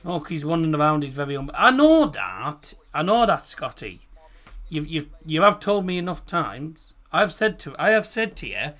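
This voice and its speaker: A man's voice: fairly high pitch, sing-song, normal speed, a bit bright. A British man hosting a live football watchalong, chatting casually and rambling with laughs between remarks. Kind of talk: casual live match commentary.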